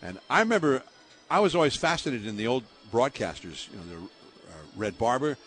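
He's an older man who calls baseball games, hailing from the San Francisco Bay Area, and in this interview he spins lively tales with plenty of laughter and fillers. The voice is mid-range and brisk.

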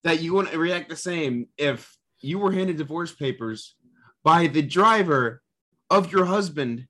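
A man's voice: fairly high pitch, measured pace, sharp tone. A man co-hosting a film podcast, cutting in with teasing, mock-indignant objections. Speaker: podcast co-host. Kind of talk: casual film review chat.

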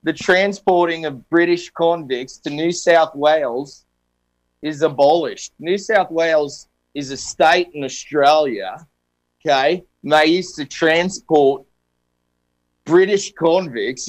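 A man's voice: a little high, slow pace. A man hosting a casual comedy radio show, reading history items and joking over a video call. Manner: jokey, reads history items with asides.

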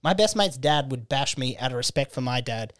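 A man's voice: medium pitch, expressive, a little fast, no room sound, clean studio sound. A man in his thirties with an Australian accent, co-hosting a podcast and telling crude rambling stories between laughs. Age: 30s. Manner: rambling storyteller, laughs often. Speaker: podcast co-host. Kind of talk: crude casual banter.

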